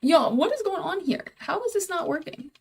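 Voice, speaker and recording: A woman's voice: extremely high pitch, big pitch swings, moderate pace, gravelly, slight background noise. A young woman live-streaming while she codes, thinking aloud, repeating herself, and talking to her chat in casual, easily exasperated chatter.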